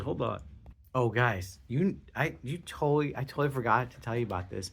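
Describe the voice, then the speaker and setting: A young man hosting his own podcast, talking casually in an excitable, rambling way with lots of swearing and restarts. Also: mid-range voice, fairly quick, vocal fry, a little hiss or hum. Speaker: podcast host. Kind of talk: casual solo podcast monologue.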